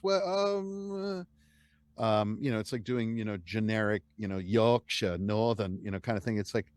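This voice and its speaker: A man's voice: on the low side, normal speed, no room sound. An American man, a guest and audiobook narrator, talking casually and with animation in an interview. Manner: animated, chatty storyteller who laughs easily.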